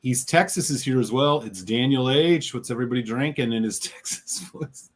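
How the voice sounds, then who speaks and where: A man's voice: medium pitch, moderate pace, husky. Upbeat man hosting a live stream. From Chicago area. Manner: upbeat, greets viewers by name. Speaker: host. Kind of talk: live stream chat reading.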